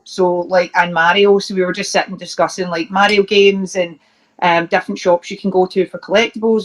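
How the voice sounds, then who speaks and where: Scottish woman, mid-pitched, chatty interview guest, laughs through her anecdotes. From Scotland. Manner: chatty, laughing, restarts and fillers while telling funny stories. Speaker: professional wrestler, interview guest. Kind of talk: casual anecdote telling.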